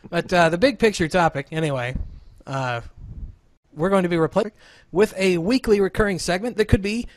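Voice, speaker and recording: Joking podcast host, slightly high voice. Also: male voice, brisk, dry recording. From Southern Illinois. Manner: joking, rambling, self-deprecating. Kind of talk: casual chat. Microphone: remote call setup.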